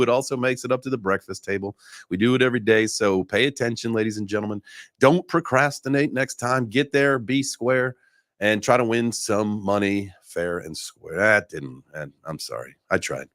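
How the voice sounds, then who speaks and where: A man's voice: mid-range voice, a bit bright, dry recording, clean studio sound. A man hosting a casual crypto livestream, talking loosely with restarts and the odd curse. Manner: loose, swearing, rambling with restarts. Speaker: livestream host.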